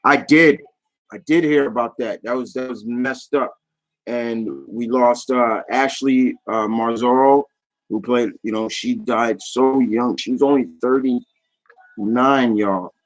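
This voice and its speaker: A man's voice: mid-range voice, steady tone, slow pace, low-quality recording. Rambling, enthusiastic man vlogging casually. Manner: rambling and enthusiastic, often trailing off. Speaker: YouTube vlogger. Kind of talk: casual chat recap.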